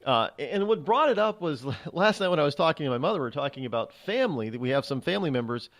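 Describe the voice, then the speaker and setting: A man's voice: fairly high pitch, expressive, fast, fairly bright tone. A man hosting a show, talking in a rambling, chatty monologue with frequent restarts. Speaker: radio show host. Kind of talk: casual monologue.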